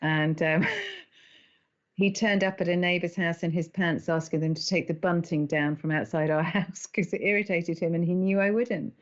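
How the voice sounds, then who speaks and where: A middle-aged woman, an animated storyteller who laughs often as a podcast guest. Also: fairly low pitch, normal speed, dull audio. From England. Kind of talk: conversational interview.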